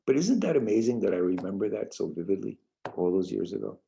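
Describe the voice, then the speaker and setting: Older male workshop trainer from the New York suburbs, gravelly and very dark, casual lecture with halting restarts. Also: on the low side, expressive, a little hiss or hum, low-quality recording. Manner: rambling, repeats words and restarts, gentle. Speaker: trainer leading a parenting workshop.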